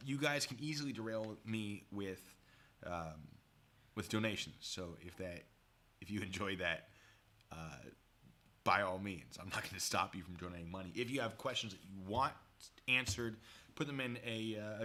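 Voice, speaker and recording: A man's voice: fairly low pitch, normal speed, pushed and bright. A man giving casual live-stream commentary at a desk mic, rambling and chatty with asides to his viewers. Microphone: desk mic pulled close.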